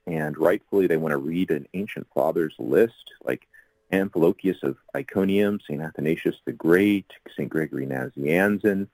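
Low-voiced man explaining at length. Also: no room sound, low-quality recording. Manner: rambling, with many fillers and asides. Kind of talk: casual explanatory talk.

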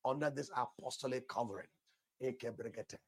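A man's voice: medium pitch, moderate pace, husky. An older male pastor leading fervent prayer, repeating short declarations and breaking into speaking in tongues.

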